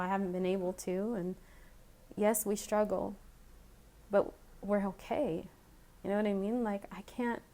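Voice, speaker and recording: Emotional woman with a flat, even voice. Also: medium pitch. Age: adult with children. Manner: emotional, halting, grateful, with fillers and restarts. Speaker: vlogger. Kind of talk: heartfelt personal video message.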